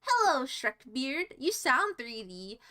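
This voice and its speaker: A woman's voice: high-pitched, very animated, slow pace, pushed and bright. A young woman livestreaming, chatting with viewers in a silly, rambling, self-mocking way that jumps from topic to topic. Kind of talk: rambling live-stream chat with viewers.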